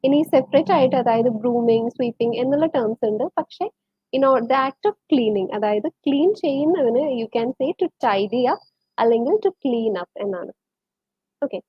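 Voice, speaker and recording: A woman's voice: rapid-fire, slightly rough, dry recording. A woman with a Malayali English accent teaching a live-streamed English lesson, switching between English and Malayalam and greeting viewers by name. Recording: muffled, low-fidelity stream audio.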